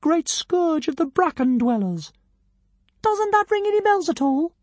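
A woman voicing a tiny, arrogant male dragon who thinks he is a god, with a squeaky, grand and scornful voice. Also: very animated, a little slow, darkish tone, no room sound, exaggerated voice. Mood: pompous. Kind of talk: audiobook character voice.

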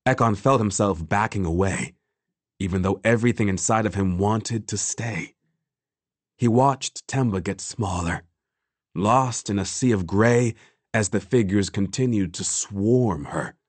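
Give me a man with a low voice narrating a book in a slow, measured, grave way. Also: dry recording. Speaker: audiobook narrator. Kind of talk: scripted narration.

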